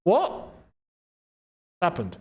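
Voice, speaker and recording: A young man hosting a casual live football watchalong, excitable and bantering, laughing often. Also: drawn-out words. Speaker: football channel host.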